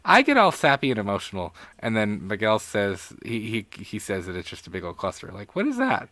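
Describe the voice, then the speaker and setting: A man's voice: fairly low pitch, wildly swooping pitch, a little fast, sharp tone, no room sound. A young man co-hosting a live movie podcast, laughing often, reading chat aloud, and getting sentimental. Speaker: podcast co-host. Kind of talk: casual live-stream chat.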